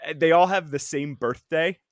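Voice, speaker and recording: A man's voice: on the high side, moderate pace, no room sound, clean studio sound. A man co-hosting a casual comic-book podcast, recapping with jokes and sudden mock-villain voices. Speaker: podcast co-host.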